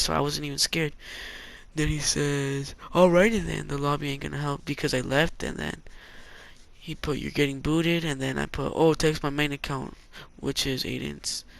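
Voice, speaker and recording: A man's voice: on the high side, creaky, a bit bright, no room sound. A young man from California telling a rambling story about an online threat, loose and full of fillers and slang. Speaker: gaming vlogger. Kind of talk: casual story-time vlog.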